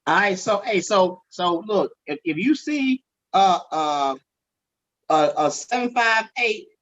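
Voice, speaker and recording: A comedian, joking around in casual chat on an online show. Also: male voice, high-pitched, animated, slow, a bit bright, dry recording. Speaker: comedian guest. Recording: dull online call audio.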